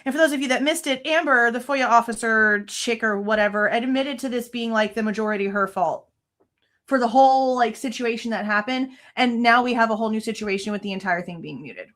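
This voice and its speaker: A woman's voice: fairly high pitch, fairly quick, a bit bright. Angry woman venting on a livestream. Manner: angry, venting, frequent swearing. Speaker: true crime livestream host. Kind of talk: casual livestream commentary.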